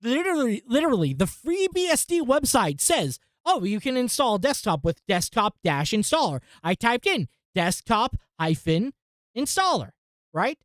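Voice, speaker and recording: A woman hosting a casual tech vlog, talking through a software install and muttering to herself in exasperation, with frequent swearing. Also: fairly high pitch, big pitch swings, a little slow, no echo, clean studio sound. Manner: addresses viewers as folks and guys. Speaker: tech channel host.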